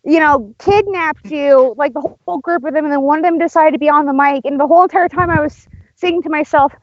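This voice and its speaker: A woman's voice: high-pitched, fast talker, dry recording. A woman co-hosting a casual podcast, playful and teasing, acting out the lines she quotes. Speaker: podcast co-host. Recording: dull lo-fi online call.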